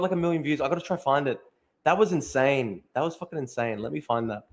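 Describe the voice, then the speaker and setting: A man's voice: on the high side, fast talker. Profane young man livestreaming. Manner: profane, laughing, scrolling and reacting to posts. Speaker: livestream host. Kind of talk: casual livestream chat reading comments.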